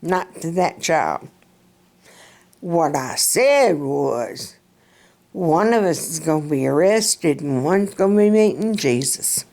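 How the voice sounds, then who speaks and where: A woman's voice: deep voice, animated, slow pace, darkish tone. A middle-aged woman from central Alabama with a Southern accent, rambling folksily in a casual vlog chat and laughing often. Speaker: vlogger.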